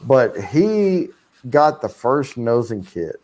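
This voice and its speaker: A man hosting a live stream, chatting casually and loosely with plenty of fillers. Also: medium pitch. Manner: slow, relaxed talk with many fillers. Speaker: livestream host.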